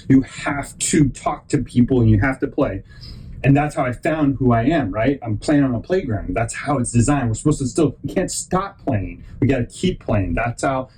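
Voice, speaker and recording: A man's voice: mid-range voice, a little mellow, slight background noise, rough recording. A man hosting a podcast, telling a long rambling story and acting out other people's lines in put-on voices. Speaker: podcast host.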